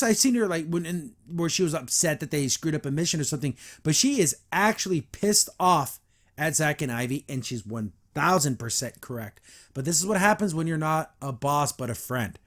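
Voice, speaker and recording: Animated man rambling through an episode review. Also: fairly high pitch, normal speed. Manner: rambling, animated, acts out the characters. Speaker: podcast host.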